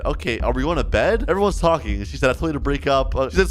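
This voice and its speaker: A young man, a gaming video host, excitedly narrating a roleplay game and reading other players' chat aloud. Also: fairly high pitch, fairly quick, few pauses, slight background noise. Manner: excitable, reads other players' chat in flat put-on voices. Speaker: gaming YouTuber.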